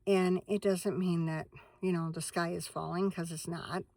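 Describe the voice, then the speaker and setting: A woman's voice: on the low side, fairly even intonation, moderate pace, vocal fry, darkish tone, dry recording. A woman chatting casually to camera from inside her van at night, rambling from one thing to the next. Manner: rambling, chatty, talks to her dog in between. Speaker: vlogger and minister.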